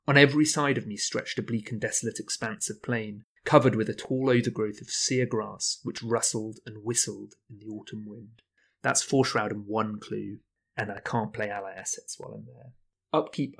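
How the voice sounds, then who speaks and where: A man's voice: fairly low pitch, gravelly. A man playing a card game solo, talking through his choices and weighing options aloud as he plays. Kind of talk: thinking-aloud gameplay commentary.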